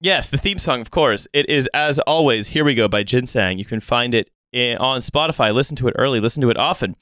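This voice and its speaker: A man's voice: medium pitch, expressive, fairly quick, a bit bright, no room sound, studio quality. A man hosting a podcast in casual chat, laughing often and swearing freely. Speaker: podcast host.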